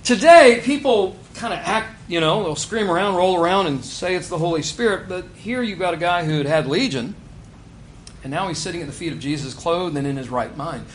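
A pastor preaching a sermon, animated, building to near shouts on key points. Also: male voice, high-pitched, fairly quick, slight background noise.

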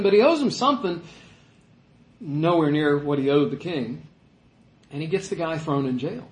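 A man's voice: high-pitched, roomy sound, rough recording. A male pastor preaching a sermon in a conversational way, rising to emphatic peaks.

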